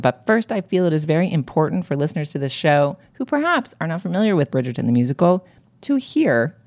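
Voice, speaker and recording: Very low-voiced woman hosting a podcast. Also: darkish tone. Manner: wry, articulate, with frequent filler pauses. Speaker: podcast host.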